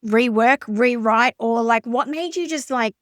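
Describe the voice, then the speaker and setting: Higher-voiced woman host interviewing. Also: a little slow, fairly bright tone, no echo, clean studio sound. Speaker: podcast host. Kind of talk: casual conversational interviewing.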